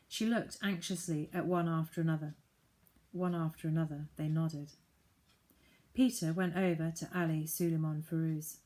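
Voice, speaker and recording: A woman narrating a children's novel in a measured, deliberate storybook manner. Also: low-pitched, fairly even intonation, darkish tone. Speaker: audiobook narrator.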